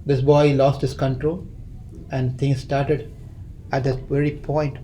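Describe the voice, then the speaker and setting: Mellow-voiced man teaching a scripture class. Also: medium pitch, little pitch movement, slow pace, slight background noise, low-quality recording. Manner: repeats and restarts phrases, quizzes listeners.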